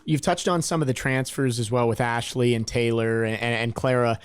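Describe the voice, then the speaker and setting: A man of middle pitch hosts a sports podcast. He asks long, winding questions and restarts now and then. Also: fairly even intonation, moderate pace, clear, resonant tone. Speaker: podcast host.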